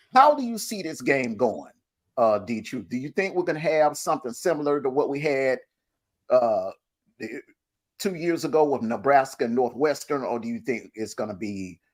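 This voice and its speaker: Brief: male sports stream host, hyped, casual, average pitch. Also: darkish tone. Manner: hyped, laughs often. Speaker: show host. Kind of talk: casual sports talk livestream.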